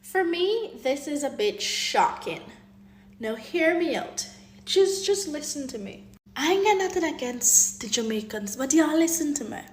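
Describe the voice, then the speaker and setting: Exasperated woman, very high voice. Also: measured pace, a little hiss or hum. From Guyana. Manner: animated, exasperated, acting out dialogue. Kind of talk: casual vlog storytelling. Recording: roomy echo.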